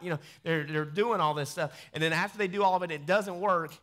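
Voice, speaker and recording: A pastor reading scripture aloud in a sermon, breaking off into quieter conversational asides. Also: male voice, a little high, brisk, few pauses. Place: church sanctuary.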